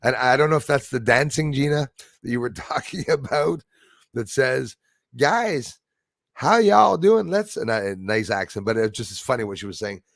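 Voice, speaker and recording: Gravelly-voiced man chatting on a live stream. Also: mid-range voice, steady tone, brisk, fairly bright tone, dry recording, studio quality. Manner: chatty, laughs easily, thanks viewers by name. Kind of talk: casual chat reading viewer comments.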